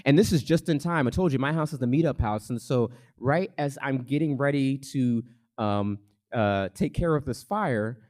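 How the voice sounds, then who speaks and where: Lively comic male storyteller. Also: mid-range voice. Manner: lively, comic, building suspense. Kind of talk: live personal storytelling. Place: theater stage, live.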